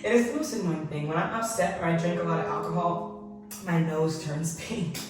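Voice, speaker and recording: A woman's voice: lowish voice, normal speed, distant mic. A young woman from Maryland, a travel vlogger chatting to camera with lots of fillers, at times fighting back tears in a hotel room. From Maryland, USA. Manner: chatty and upbeat, with many fillers. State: tearful, fighting back crying. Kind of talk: casual vlog talk to camera. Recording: echoey room, voice slightly off-mic, music behind.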